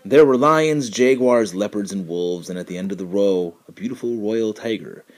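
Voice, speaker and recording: A man narrating a children's story with expressive, storytelling delivery. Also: fairly low pitch, moderate pace. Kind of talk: storybook reading.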